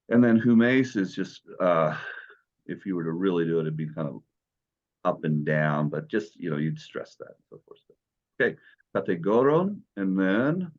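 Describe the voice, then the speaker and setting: A man's voice: deep voice, dull audio. A man teaching Greek in an online class, patient and encouraging as he explains step by step.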